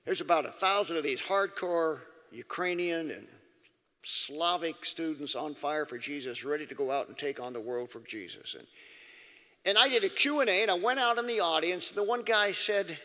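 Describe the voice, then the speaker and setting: A man preaching to an audience in an emphatic way, breaking into sudden loud, high outbursts. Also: moderate pace. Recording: long reverb of a large hall.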